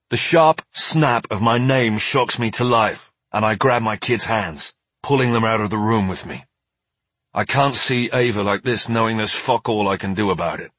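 Husky-voiced male audiobook narrator. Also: on the low side, a bit bright, dry recording. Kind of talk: first-person scripted narration.

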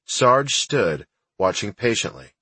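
Husky-voiced male audiobook narrator. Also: lowish voice, big pitch swings, takes it slowly, sharp tone, dry recording.

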